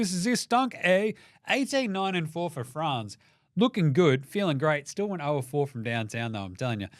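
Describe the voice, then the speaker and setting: Australian male sports host, higher-pitched voice, dry close sound, sarcastic and profane commentary rant. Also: no echo. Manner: sarcastic, swearing, swings between mutters and loud outbursts. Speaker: basketball show host.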